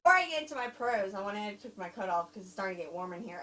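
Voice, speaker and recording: A woman with a light American Southern accent, co-hosting a casual film review chat, rambling and animated, laughing often. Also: mid-range voice, rapid-fire. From grew up overseas, Germany and Korea. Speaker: co-host reviewing films. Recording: distant mic with faint hum.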